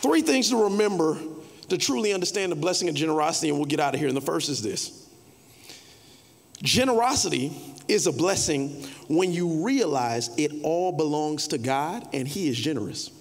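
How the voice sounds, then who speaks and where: A man preaching a sermon, shifting from conversational asides to playful mock shouting. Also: fairly high pitch, animated, moderate pace, a little hiss or hum. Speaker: pastor. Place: church sanctuary. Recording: reverberant hall.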